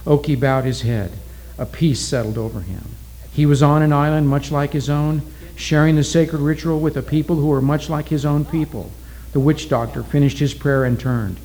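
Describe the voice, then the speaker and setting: A man narrating a story as an audiobook in a measured, steady way. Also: a little high, rough recording.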